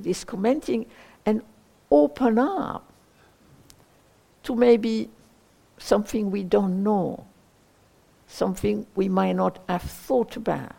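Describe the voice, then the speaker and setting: Slow, gravelly woman meditation teacher. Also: medium pitch, warm tone. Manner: slow, searching, with many pauses and hedges. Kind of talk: dharma talk.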